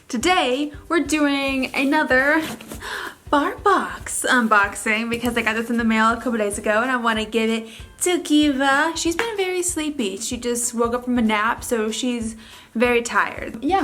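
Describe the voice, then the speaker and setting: A woman's voice: sits high, bright, forceful tone. A young woman vlogging casually from her couch as she unboxes a package for her dog, often gushing and slipping into baby talk. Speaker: beauty vlogger. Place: living room couch.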